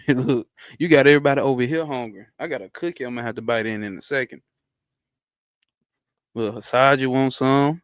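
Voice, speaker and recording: A man's voice: medium pitch, smooth, dry recording, studio quality. Man reading and riffing on a livestream. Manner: reads in halting stops, then riffs in loose, profane slang asides. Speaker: livestream host. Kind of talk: reading a text aloud with casual commentary. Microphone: home streaming setup.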